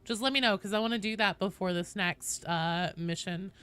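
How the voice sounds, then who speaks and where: A young woman casually live-streams a game from her closed home office, reading the queue and chatting with her viewers and her cat. She speaks at normal speed with a medium pitch and a fairly bright, clean tone, in a dry recording.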